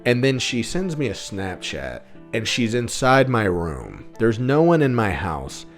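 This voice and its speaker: A man's voice: mid-range voice, big pitch swings, unhurried, soft background music. A man telling a comedic story about his own life in a crude, profane, sardonic manner.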